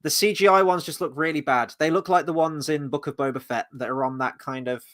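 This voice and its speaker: A man hosting a casual review chat, animated and rambling, swearing freely as he talks. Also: on the high side, a little fast. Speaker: host.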